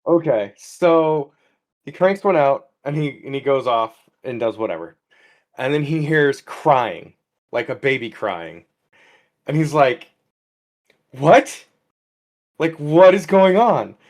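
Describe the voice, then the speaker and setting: A man's voice: mid-range voice, expressive, a little slow. A man co-hosting a loose comedy podcast, telling a story in a rambling way. He slips into the characters' voices for quoted lines. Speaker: podcast co-host. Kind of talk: casual comedic chat.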